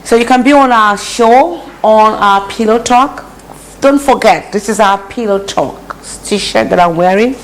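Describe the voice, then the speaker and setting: A woman talks slowly and deliberately as she cooks in a home kitchen. Her tone is preachy and she repeats phrases for emphasis. A faint hum of noise sits behind her voice. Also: on the high side, poor audio. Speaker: host. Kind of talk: casual cooking vlog talk.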